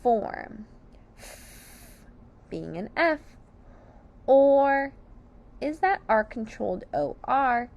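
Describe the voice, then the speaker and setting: A woman teaching phonics to young children, sounding out each word slowly and clearly, syllable by syllable. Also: fairly high pitch, sing-song. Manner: slow and over-enunciated, sounding out syllables. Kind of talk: slow, deliberate phonics lesson for children.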